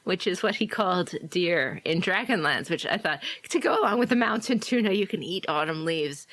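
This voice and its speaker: A woman co-hosting a podcast, chatty and quick to laugh as she retells scenes. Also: deep voice, a bit bright, dry recording. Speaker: podcast co-host. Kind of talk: casual chat about game fiction.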